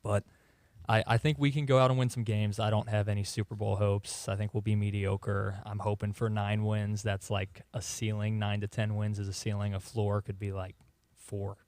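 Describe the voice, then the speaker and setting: A young man co-hosting a sports talk radio show, giving relaxed, matter-of-fact opinions. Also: fairly low pitch, moderate pace, no room sound.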